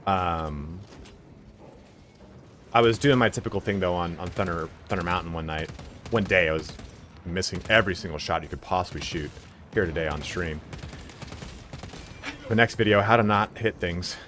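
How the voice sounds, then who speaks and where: A man live-streaming a game, chatting casually and telling stories in a loud, animated voice. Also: sits low, normal speed, pauses often, a little hiss or hum.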